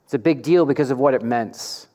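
A man preaching a sermon, asking the congregation rhetorical questions and pressing his points with animated emphasis. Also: mid-range voice, a little fast. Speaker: pastor. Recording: long hall reverb.

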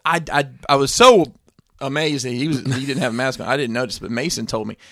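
Guy telling a story, dry sarcastic, bright tone, no room sound. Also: medium pitch, quick pace, no room sound. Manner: deadpan storyteller, playful sarcasm. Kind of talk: casual chat, storytelling.

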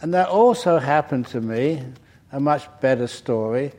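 A man's voice: medium pitch, lively intonation, moderate pace, darkish tone. A man, a monk teaching at a retreat, answers questions in a dharma talk and tells humorous stories, often chuckling at them. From United Kingdom. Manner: humorous storyteller, chuckles at his own stories.

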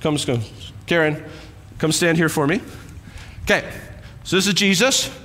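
A man pastor preaching a sermon on stage, energetic and conversational, acting out a demonstration with helpers. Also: a little high, a little slow, a little hiss or hum. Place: church stage with long reverb. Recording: reverberant church hall.

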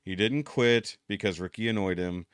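A man's voice: lowish voice, normal speed, clean tone, no room sound, studio quality. A man hosting a casual podcast chat, loose and profane, often laughing at his cohosts. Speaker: podcast host.

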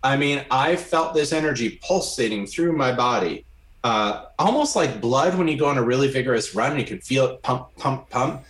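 A man telling a personal story during a conversation, animated and often checking in with "right?". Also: mid-range voice, moderate pace. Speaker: guest. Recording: roomy echo.

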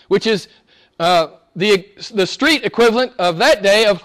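A male pastor preaching a sermon, emphatic, swinging between loud exclamations and hushed asides. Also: high-pitched, a little fast.

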